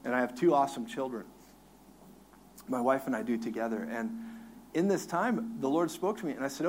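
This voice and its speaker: A man who is a minister, telling his own story on a talk show, lively and laughing, acting out his crying with big swings in voice. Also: mid-range voice, fairly quick, pauses often, slight background noise.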